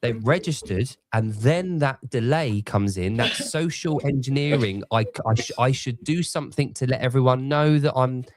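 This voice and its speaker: A man's voice: mid-range voice, moderate pace, hardly any pauses, crowd noise. A man hosting a casual chat, rambling with frequent laughs and restarts.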